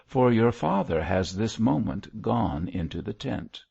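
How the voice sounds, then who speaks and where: A man voicing a demure, proper young woman in an audiobook, speaking gently and reprovingly. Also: on the low side, big pitch swings, measured pace, vocal fry, breathy edge, muffled recording, voice pushed up, exaggerated voice.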